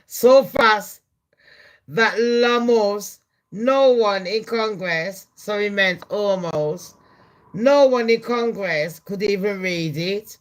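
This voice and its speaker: A woman giving swearing, animated gossip commentary on her channel. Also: mid-range voice, slow. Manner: animated, swearing, laughing asides. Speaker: commentary vlogger.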